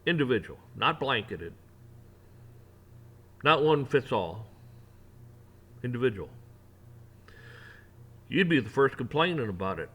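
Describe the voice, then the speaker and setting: A man in the middle of a fired-up rant, voice at an ordinary middle pitch. He jabs at authority, slips into sarcastic mimicry of officials, and keeps climbing in force as he goes. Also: very animated, measured pace, pauses often, slightly rough. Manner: heated, mocking, rising to near shouting at peaks. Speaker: rant channel host. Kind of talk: opinion rant to camera.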